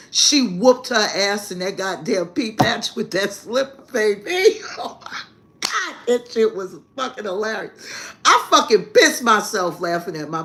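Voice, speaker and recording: A woman's voice: medium pitch, bright, forceful tone. Brash, profane woman telling a story. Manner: brash and profane, calls listeners "baby"; laughs heartily through the story. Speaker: spiritual reader hosting a live stream. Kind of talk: casual storytelling to a live chat.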